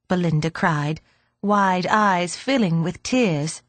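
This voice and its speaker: A woman narrating an audiobook in a gentle, measured storytelling manner. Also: medium pitch, big pitch swings, no room sound. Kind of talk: scripted narration.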